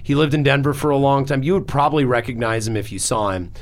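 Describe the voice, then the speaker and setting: A man's voice: mid-range voice, fast talker. Rambling, cussing man hosting a podcast. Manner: rambling, emphatic, swears freely, many fillers. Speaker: podcast host. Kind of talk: casual podcast chat.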